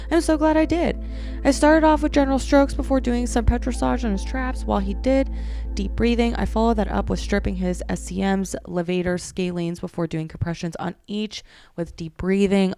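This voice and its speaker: Woman, podcast host, casual chat, animated asides, mid pitch, faint background music. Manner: chatty, animated asides and commentary. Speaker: podcast host and massage therapist. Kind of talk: casual podcast, reading and reacting to posts.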